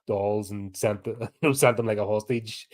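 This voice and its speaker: A man's voice: on the low side, steady tone, moderate pace. Northern Irish male podcast co-host, blunt, sweary, ranting delivery. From Northern Ireland. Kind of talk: casual chat.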